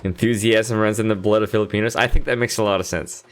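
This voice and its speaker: A man's voice: on the low side, fairly even intonation, quick pace. A man streaming a game, chatting casually and thinking aloud in a laid-back, rambling way. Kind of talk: casual chat while gaming.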